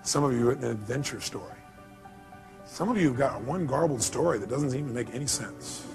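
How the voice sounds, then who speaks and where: A man's voice: medium pitch, lively intonation, fairly quick, creaky, music in the background. A man giving a live motivational seminar, speaking emphatically and firing rhetorical questions at the audience.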